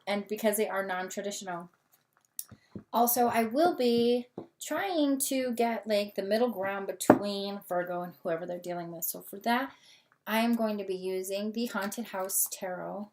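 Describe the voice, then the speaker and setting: A woman's voice: mid-range voice, slight background noise. Chatty young woman tarot vlogger. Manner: chatty, many fillers, laughs a lot. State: hiccups. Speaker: tarot reader, channel host. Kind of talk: casual tarot reading vlog.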